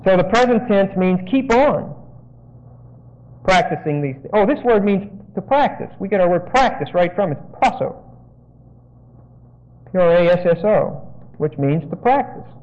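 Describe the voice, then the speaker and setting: A man with a high voice delivers a verse-by-verse sermon. He digresses, unpacks Greek grammar, and keeps asking "okay?". The recording sounds muffled and lo-fi. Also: lively intonation, moderate pace, long pauses. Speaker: Bible teacher. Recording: dull lo-fi sound.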